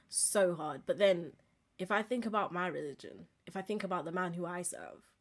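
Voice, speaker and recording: A woman, hosting a live-streamed podcast in a candid, chatty way and laughing often as she talks. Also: fairly low pitch. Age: 20s. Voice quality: expressive, laughs often while talking. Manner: candid, chatty, swings between loud and quiet. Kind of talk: casual live-stream chat.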